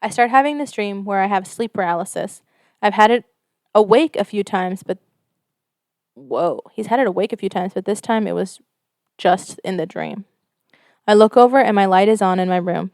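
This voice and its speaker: A woman co-hosting a casual podcast, reading a listener's story in a steady, smooth voice, close and dry on the mic. She talks loosely and swears freely. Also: mid-range voice, dry recording. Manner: casual, swears freely, reads stories in a steady flat telling.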